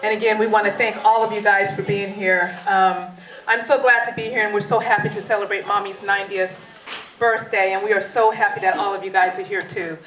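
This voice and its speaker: In a party hall with a crowd and plenty of echo, a woman toasts her parent's birthday at a family gathering. Her medium-pitched, fairly bright voice keeps a level tone and moves a little fast as she animatedly tells a story, mimics quoted voices, and laughs often.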